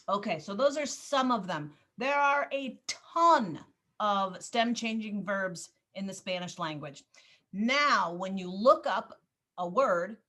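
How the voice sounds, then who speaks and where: A woman teaching a Spanish class over a video call, patient and encouraging, drilling words slowly. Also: medium pitch, animated, sharp tone.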